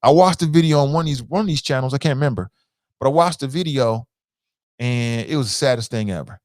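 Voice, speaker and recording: A man's voice: mid-range voice, quick pace, no echo, studio quality. A man in his fifties from the United States hosting a talk radio show, speaking in a blunt, profane, impassioned monologue and repeating phrases for emphasis.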